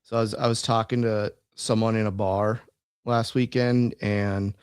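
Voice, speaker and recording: A man's voice: lowish voice, level tone, unhurried, smooth, no echo, clean studio sound. Laid-back man telling stories on a podcast. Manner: laid-back storytelling, lots of filler words, laughs. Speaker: podcast co-host. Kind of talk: casual podcast chat.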